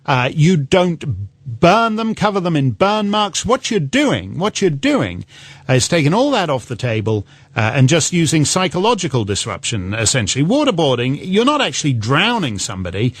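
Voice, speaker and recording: A man's voice: a little high, very animated, normal speed, no room sound. A man guest-hosting a talk radio show, rambling through mocking political commentary and cracking himself up with laughter. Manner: rambling and mocking, breaks into laughter, puts on silly voices for quotes.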